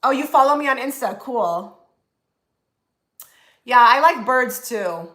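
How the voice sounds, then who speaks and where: A woman's voice: on the high side, animated, takes it slowly, sharp tone, reverberant. A woman chatting casually on a live stream, rambling with many fillers and restarts. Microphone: phone.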